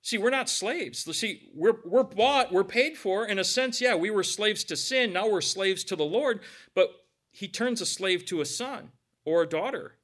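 A man's voice: high voice, expressive, a little slow, a bit bright. A middle-aged man preaching a sermon as pastor, conversational, with casual asides between scripture readings.

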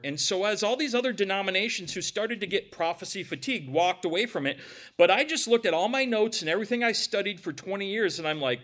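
Bright, conversational male pastor. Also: high voice. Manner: conversational preaching with asides. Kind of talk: sermon.

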